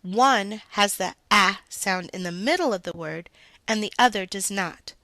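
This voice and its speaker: The recording is dry as a woman with a mid-range, slightly bright voice reads a scripted phonics lesson as a reading teacher, moving slowly and deliberately and stressing each sound for the learner.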